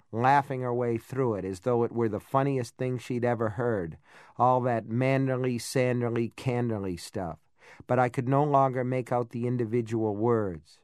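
A man narrates a novel in a steady, measured way, his voice in a middle range. The recording is close and dry, with no room sound at all. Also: medium pitch, clear, resonant tone, no room sound. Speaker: audiobook narrator. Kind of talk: scripted narration.

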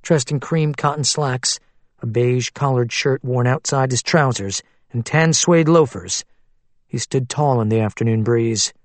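A man narrating a thriller audiobook in a steady, even storytelling manner. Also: medium pitch, a little slow, no echo.

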